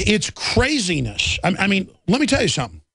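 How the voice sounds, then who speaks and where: A man's voice: high-pitched, wildly swooping pitch, normal speed, gravelly, pushed and bright, husky, no echo, studio quality. A man hosting a live talk radio show, ranting indignantly about the news and often restarting and repeating words.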